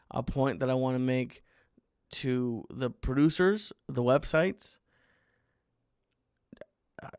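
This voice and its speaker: A man's voice: mid-range voice, creaky, clear, resonant tone, no echo, clean studio sound. A man hosting a comedy podcast, rambling through a monologue with restarts and mock exasperation. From United States. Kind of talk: comic monologue.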